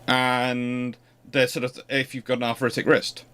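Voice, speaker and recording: A man's voice: mid-range voice, completely flat delivery, a little slow, fairly bright tone, clean tone. A man hosting a livestream, chatting casually and rambling with frequent restarts. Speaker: host.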